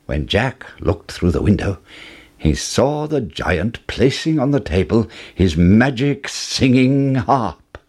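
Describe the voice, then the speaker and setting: A man narrating a fairy tale in an expressive storybook style. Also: fairly low pitch, slow pace, breathy edge.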